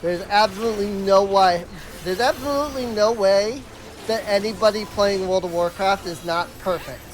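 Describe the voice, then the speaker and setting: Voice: mid-range voice, normal speed, slight background noise. A game streamer chatting casually on a live stream, telling exasperated stories with lots of "like" and restarts. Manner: exasperated storytelling, full of "like" and restarts.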